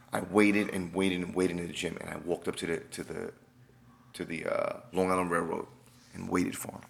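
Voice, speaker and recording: Deep, gravelly-voiced man telling a story. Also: a bit bright. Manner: vivid storyteller who acts out dialogue. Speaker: guest, personal trainer. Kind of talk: storytelling in a conversational interview.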